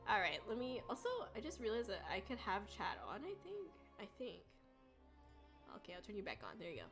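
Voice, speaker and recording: A young woman chatting casually on a livestream, rambling and giggly with bursts of excitement. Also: mid-range voice, fairly quick, over music. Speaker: VTuber streamer.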